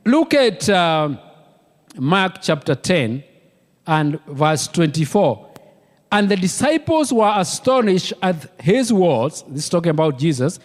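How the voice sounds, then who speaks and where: A man's voice: a little high, very animated, slow, in a large hall. A man with a Kenyan accent preaching a sermon as pastor, emphatic and repeating key words for weight. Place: church.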